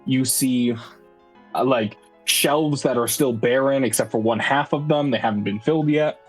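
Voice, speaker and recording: A man's voice: medium pitch, moderate pace, breathy edge. A man running a tabletop game as dungeon master, narrating a scene in a loose, casual way with many fillers. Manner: casual, full of "like" and restarts. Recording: faint background music.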